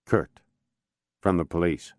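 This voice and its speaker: A male narrator voicing a weary, restrained police inspector in his own deep voice. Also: slow, a little mellow, dry recording, studio quality. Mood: tense. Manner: restrained, tense.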